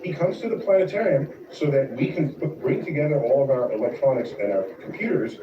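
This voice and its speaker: A man hosting a casual chat, explaining things with emphatic, drawn-out stresses. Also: medium pitch. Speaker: host. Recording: echoey room, far from mic, noisy, dull.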